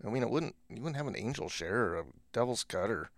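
A man in casual podcast banter, speaking at a middling pitch in a wry, deadpan way. His voice drifts quieter as he thinks aloud, recorded close and dry. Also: quick pace, dry recording. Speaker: podcast co-host. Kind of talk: casual chat.

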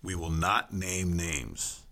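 A man's voice: low voice, slow, sharp tone. A man co-hosting a podcast in loose, casual chat, laughing often and repeating words as he finds his point. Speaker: podcast co-host.

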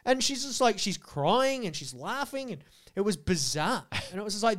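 A man, a podcast co-host telling crude stories in animated, swearing casual chat. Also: high-pitched, moderate pace.

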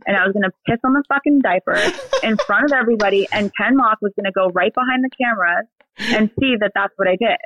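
A woman in her thirties, a podcast guest, telling an animated, profane story in casual chat. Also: medium pitch, quick pace, crowd noise. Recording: dry phone-like remote audio.

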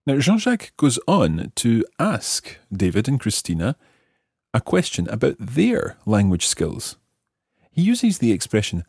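A man hosts a language lesson in a husky, low voice. His pitch rises and falls a lot as he patiently explains and repeats phrases. The recording is dry and close. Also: darkish tone, dry recording. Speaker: language teacher host.

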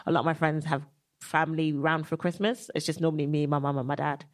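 Tearful woman, hesitant and halting. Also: sits low, steady tone. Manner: hesitant, full of ums. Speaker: comedian guest. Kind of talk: live podcast chat.

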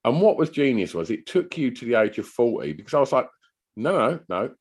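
A man's voice: mid-range voice, very animated, fast, a little mellow, slightly rough. A man, co-hosting a podcast, chatting casually and telling rambling stories with some swearing. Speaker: podcast co-host. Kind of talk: casual chat.

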